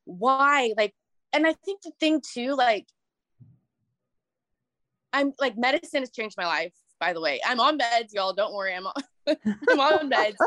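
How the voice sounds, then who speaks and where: A woman's voice: on the high side, expressive, unhurried, pauses often, a bit bright, dry recording. A woman in casual chat, telling a personal story in a rambling, emotional way with many restarts. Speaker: guest sharing a story.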